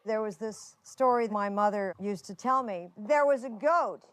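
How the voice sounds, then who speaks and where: A woman's voice: a little high, dry recording. A woman comedian telling an absurd story in a wry, offhand way. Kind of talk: deadpan comic storytelling.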